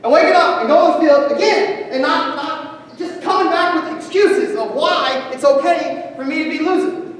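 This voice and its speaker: A man giving a profane, impassioned motivational speech, swinging from loud to hushed. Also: very high voice. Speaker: motivational speaker. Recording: echoey hall, voice from far off.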